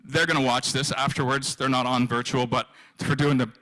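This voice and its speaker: A man in his fifties telling his own story at a live event, his voice bright and forceful. He stops and restarts, repeating his words as the emotion builds. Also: medium pitch, little pitch movement, low-quality recording. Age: 50s. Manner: halting, repeats himself, emotional. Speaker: guest speaker sharing his story.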